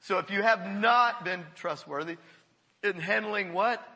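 A male pastor preaches with an animated delivery, repeating words and calling on the congregation. His voice sits high and sounds bright and forceful. It rings out with the long reverb of a church hall. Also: a little slow. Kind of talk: sermon.

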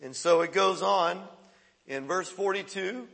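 A man with a high, bright voice preaches a sermon, talking casually to the congregation and breaking into sudden excited bursts. His voice rings out with a long reverb of a large hall. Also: a little slow, gravelly. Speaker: pastor.

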